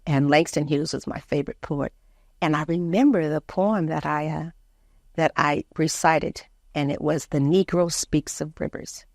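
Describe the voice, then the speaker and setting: A woman's voice: deep voice, moderate pace, no room sound, studio quality. An older woman from the American South, a community leader telling childhood stories in an interview and acting out what her family said. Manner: lively storyteller who acts out family quotes. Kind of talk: reminiscing interview storytelling.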